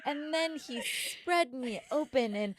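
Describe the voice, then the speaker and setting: A woman's voice: high voice, lively intonation, takes it slowly, voice pushed up, heavily acted. A woman mocking a breathless female narrator of a steamy audiobook, her voice climbing into moaning. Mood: breathy, swooning.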